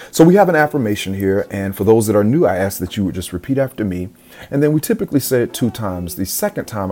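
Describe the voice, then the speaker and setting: A man's voice: lowish voice, mellow. A man hosting a motivational podcast, earnest and emphatic, often repeating phrases for effect. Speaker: podcast host.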